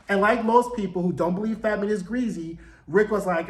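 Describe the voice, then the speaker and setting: Animated high-voiced man recapping a show. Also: reverberant, poor audio. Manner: animated, acts out characters in quick asides, swears freely. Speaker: show reviewer. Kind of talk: casual recap monologue.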